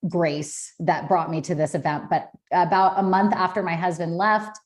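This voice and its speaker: A woman's voice: on the low side, fairly even intonation, moderate pace. A woman in her thirties, a podcast guest, telling a personal story in a candid, emotional way with many fillers. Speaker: podcast guest, business founder.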